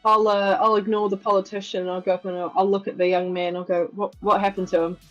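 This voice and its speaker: A woman playing a tabletop game, talking briskly as a ship captain over an online call. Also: medium pitch, completely flat delivery, fairly bright tone, soft background music. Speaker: player. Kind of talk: tabletop role-play. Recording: dull online call audio.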